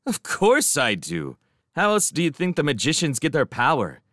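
A man's voice: fairly high pitch, huge pitch swings, moderate pace, fairly bright tone, no echo, clean studio sound, voice pushed up, exaggerated voice. A man voicing a cheerful, cocky teenage boy in a storybook reading, breezy and teasing. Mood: chatty.

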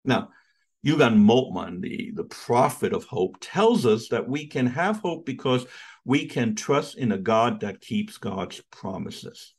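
A middle-aged man delivers a theology lecture like a sermon. He talks slowly and with feeling, his voice rising high and then dropping to near quiet. He often repeats a word as he searches for the next one. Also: expressive, slightly rough. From United States. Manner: impassioned, wide swings in pitch and loudness, repeats words as he searches.

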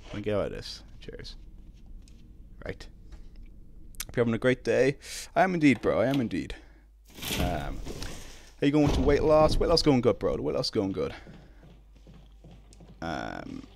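Lively young Irish man streaming a game. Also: medium pitch, moderate pace, gravelly, pauses often, slight background noise. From Ireland. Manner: casual, reads chat aloud, yelps when startled. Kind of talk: live gameplay stream chat.

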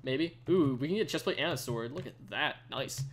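A man's voice: medium pitch, expressive, normal speed, a little hiss or hum. A young man giving chatty live commentary on a game he is playing, greeting viewers and using lots of fillers. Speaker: streamer. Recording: faint keyboard typing behind.

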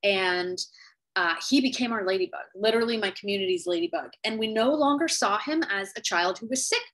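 A woman's voice: medium pitch, a bit bright, low-quality recording. Earnest woman telling a personal story. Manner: heartfelt, earnest, with pauses and slow stretches. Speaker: author sharing her story. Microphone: video call.

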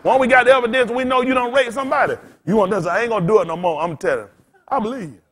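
A man preaching in loose storytelling style as a pastor, blunt and cussing, laughing as he swings between loud bursts and quiet asides. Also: extremely high pitch, rapid-fire. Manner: blunt, street-talking, cussing. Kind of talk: storytelling sermon.

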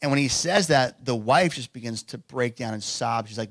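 A man's voice: mid-range voice, moderate pace, hardly any pauses, no room sound, studio quality. A man preaching a sermon as pastor, telling stories in a loose conversational way with many restarts. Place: church.

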